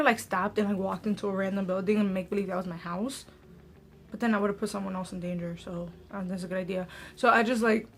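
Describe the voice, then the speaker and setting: A young woman vlogger telling a story in casual, chatty talk, full of "like" fillers. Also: medium pitch.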